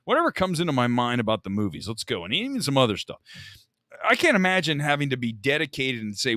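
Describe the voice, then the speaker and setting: A man's voice: medium pitch, huge pitch swings, brisk, sharp tone, dry recording, clean studio sound. A man hosting a live movie talk stream, rambling and joking at his own expense in casual chat on a desk microphone. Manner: rambling, joking and self-mocking.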